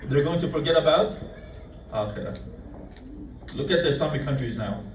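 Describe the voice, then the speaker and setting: A man giving a sermon at a religious gathering, repeating key lines for emphasis and shifting between loud and hushed delivery. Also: fairly high pitch, expressive, normal speed, background noise. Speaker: speaker at a Muharram majlis. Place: mosque hall. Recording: echoey hall, voice from some distance.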